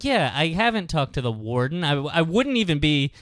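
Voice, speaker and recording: A man's voice: a little high, big pitch swings, moderate pace, a bit bright, dry recording, studio quality. A man hosting a podcast, telling a story in casual chat and deadpanning both sides of a phone call. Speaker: podcast host.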